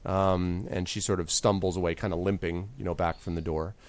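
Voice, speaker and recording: A man's voice: sits low, little pitch movement, a little fast. A man narrating as game master in a rambling way with many fillers.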